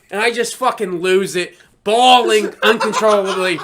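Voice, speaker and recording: A man co-hosting a casual podcast, excitable and profane, acting out his own loud reactions. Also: high voice, moderate pace, few pauses, noisy background. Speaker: podcast co-host.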